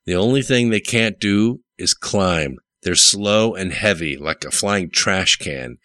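A curt commander who barks short orders, voiced by a man reading aloud. He keeps the narrator's own very low voice, with a bright, forceful tone and a dry close sound. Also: lively intonation, slow, no echo, heavily acted. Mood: commanding.

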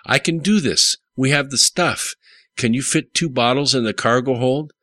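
A man voicing a jittery young male car tinkerer who squeaks and stammers in panic. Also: normal speed, pushed and bright, dry recording, natural voice. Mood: excited.

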